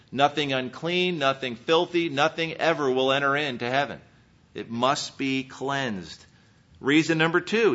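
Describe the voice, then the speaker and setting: A man preaching a sermon, earnestly reading scripture and swinging between emphatic peaks and quiet, searching questions. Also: medium pitch. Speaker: pastor. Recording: dull lo-fi sermon recording.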